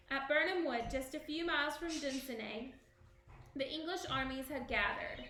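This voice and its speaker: Bright high woman reading a storybook. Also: normal speed, roomy sound. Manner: expressive, animated reading. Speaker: parent teacher reading aloud. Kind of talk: storybook read-aloud.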